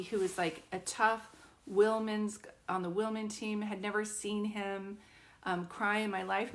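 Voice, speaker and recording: A woman in her fifties speaks at a middle pitch, chatty and earnest as she tells a personal story. She often stops and restarts her sentences and leans on casual fillers. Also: a bit bright. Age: 50s. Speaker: psychic medium.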